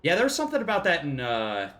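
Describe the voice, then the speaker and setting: A man's voice: a little high, wildly swooping pitch, fast, a bit bright. A man casually commenting while playing a video game on a live stream, joking, laughing often and swearing freely.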